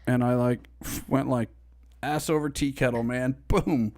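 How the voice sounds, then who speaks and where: A man's voice: mid-range voice, steady tone, a little slow, a little mellow. A middle-aged man co-hosting a casual live stream from home. He talks in a laid-back, blunt way and swears freely. The sound is dry, with no room echo.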